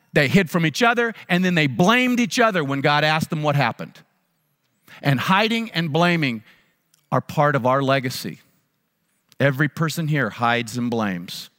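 Pitched on the high side and a bit bright, a male pastor's voice fills a church sanctuary with a long, large-hall reverb. He preaches earnestly, weaving in a personal story, repeating phrases for emphasis and restarting frequently.

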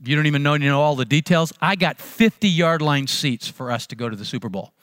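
Man voicing a boastful, animated buddy in a sermon story, high and dry. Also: a little fast, no room sound, big-room sound, close to an everyday voice. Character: excited male buddy with big-game tickets.

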